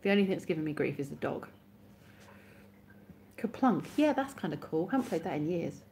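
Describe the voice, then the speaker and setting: A woman's voice: lowish voice, sing-song, a little fast, long pauses, a little mellow, slight background noise. A woman hosting a live stream, chatting casually with her viewers, sleepy and yawning, giggly and self-mocking.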